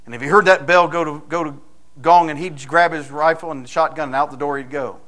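A male pastor delivers a sermon in a warm, folksy, storytelling way. His voice sits slightly high, and it climbs into loud, emphatic bursts when he drives a point home. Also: fairly even intonation, fairly quick.

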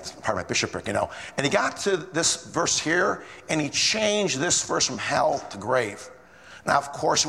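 Gravelly, fairly high male preacher; animated sermon storyteller who reads scripture aloud. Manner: animated anecdotal storytelling, reads King James verses aloud. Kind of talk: sermon with Bible readings. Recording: long reverb of a large room.

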